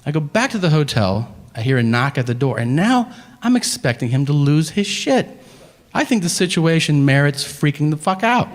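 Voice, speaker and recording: A man's voice: a little high, sing-song, moderate pace. A man doing stand-up, telling a story in a profane, incredulous, exasperated way. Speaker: stand-up comedian. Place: live comedy venue. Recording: live hall reverb, faint room ambience.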